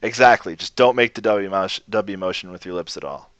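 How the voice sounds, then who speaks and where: A man teaching a language lesson on a livestream, in a relaxed, rambling way, often restarting his sentences. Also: low-pitched, a little fast, no echo. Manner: relaxed, rambling, self-correcting. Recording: dull lo-fi stream audio.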